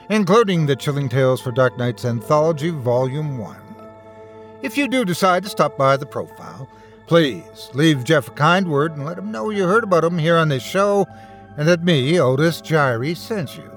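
A man hosting a horror story podcast, giving a scripted narration. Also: a little high. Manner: expressive storytelling, warm sign-off.

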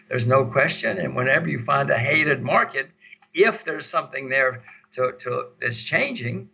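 Gravelly older man, emphatic investor. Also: medium pitch, bright, forceful tone. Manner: emphatic, repeats words for stress. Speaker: guest investor. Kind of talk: casual interview answers. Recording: dull lo-fi audio.

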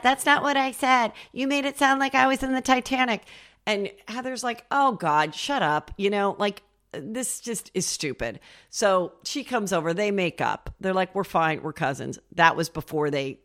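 Woman, middle-aged, chatty reality-TV recap host; low-pitched, gossipy, quick asides. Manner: gossipy, animated, acts out quotes with raised pitch. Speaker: pop culture podcast host. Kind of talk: casual chat recap.

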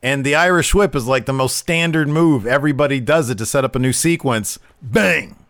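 A man's voice: mid-range voice, brisk, no room sound, clean studio sound. A man chatting casually as a podcast co-host, recapping wrestling and acting out quotes in funny voices. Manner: animated, acts out quotes in voices.

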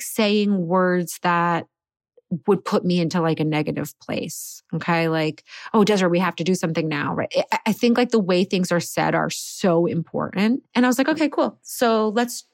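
A woman in her thirties casually telling her birth story as a podcast guest, animated and laughing often. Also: lowish voice, dry recording, clean studio sound.

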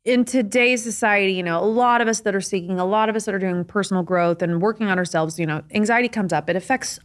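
Eager woman podcast host. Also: medium pitch. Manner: enthusiastic, quick gasps and eager agreement. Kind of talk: casual interview chat.

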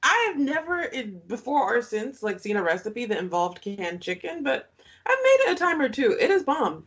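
A woman's voice: a little high, slightly rough. A woman co-hosting a podcast in casual chat, playful and teasing, gushing with enthusiasm. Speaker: podcast co-host.

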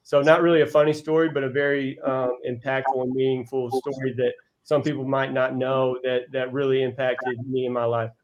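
An earnest man coaching college basketball tells heartfelt stories on a podcast. His voice sits at an ordinary middle pitch. He restarts his sentences often as he speaks from the heart. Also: flat delivery, a little fast, highs cut off. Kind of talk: casual interview storytelling.

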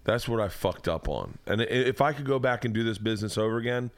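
A podcast host in his home man cave chats casually and tells stories, swearing freely and laughing as he talks. He's a fast talker with a mid-range voice, and there's no echo.

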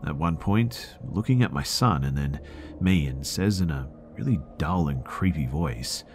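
A man's voice: a bass voice, expressive, a little slow, a little hiss or hum. A man hosting a podcast, reading listener horror stories aloud in a dramatic scripted narration that sometimes drops to a whisper.

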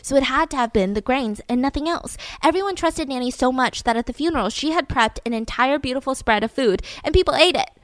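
A woman casually telling a true-crime story to a co-host, lively and animated, swearing now and then. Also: sits high, fast, hardly any pauses, no echo.

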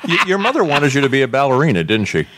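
A male co-host in a casual interview, with a pitch in an ordinary middle range for a man. His intonation rises and falls a lot. He keeps the guest going with short encouraging interjections and prompting questions. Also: big pitch swings, racing, a bit bright, slight background noise. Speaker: podcast co-host.

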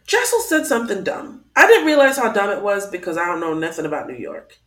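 A woman's voice: mid-range voice, huge pitch swings, fast, fairly bright tone, reverberant. A woman co-hosting a podcast in casual chat, acting out quotes in mocking voices. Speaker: podcast co-host.

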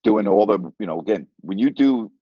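An older male sports broadcaster tells a story in a loose, rambling way, circling back on his phrases and chuckling as he goes. His voice sits low, and the sound is dry and a little dull, like a lo-fi recording. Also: lively intonation, moderate pace, breathy edge, dry recording. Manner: rambling, repeats phrases, chuckles mid-sentence. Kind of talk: casual storytelling monologue.

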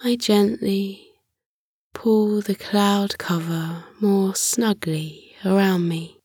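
Woman narrator, whispered bedtime story, very slow, breathy, close dry mic. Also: medium pitch, steady tone, a little mellow, dry recording. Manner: slow, soothing, lulling. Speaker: sleep meditation narrator.

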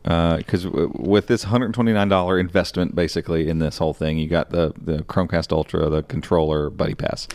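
A man co-hosting a tech podcast, explaining things in a relaxed, casual way with many fillers. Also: deep voice, fairly quick, hardly any pauses, no echo. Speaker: podcast co-host.

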